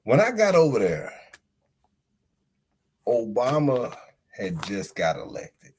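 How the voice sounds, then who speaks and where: A man hosting a podcast, telling a story in a casual monologue. He talks in slang and swings between loud outbursts and low mutters. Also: wildly swooping pitch, takes it slowly, husky. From United States. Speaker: podcast host.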